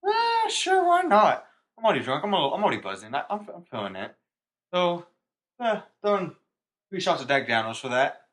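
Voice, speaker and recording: A man's voice: medium pitch, big pitch swings, fast, a bit bright. A young man co-hosting a podcast, telling a story in casual, rambling chat and laughing at himself. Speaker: podcast co-host.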